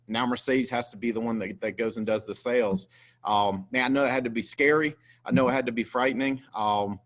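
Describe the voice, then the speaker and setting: A man hosts a motivational business call. He speaks with eager enthusiasm, repeating key phrases to drive his pride home. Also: mid-range voice. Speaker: host. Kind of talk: encouraging business pep talk.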